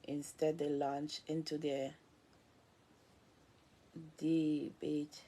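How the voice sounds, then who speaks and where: Woman vlogger, low gravelly voice, reads aloud slowly, stumbles and restarts words. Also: flat delivery, mellow, a little hiss or hum. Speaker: vlogger reading a book aloud. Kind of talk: slow reading aloud.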